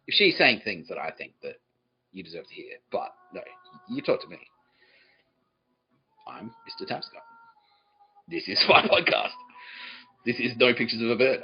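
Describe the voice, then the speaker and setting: A man's voice: lowish voice, breathy edge, dull audio. A man hosting a comedy podcast, swearing often and laughing as he jokes with the live audience. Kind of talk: improvised comedy monologue, relaying a psychic's words.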